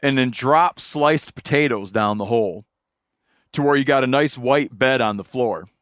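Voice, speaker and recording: A man's voice: medium pitch, moderate pace, dry recording, studio quality. A man hosting a podcast, telling rambling fishing stories and laughing along in casual chat. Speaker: podcast host.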